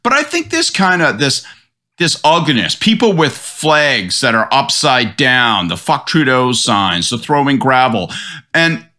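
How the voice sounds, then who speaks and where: A middle-aged man, a political commentator on a podcast panel, in an animated, profane rant. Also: medium pitch, measured pace. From Canada.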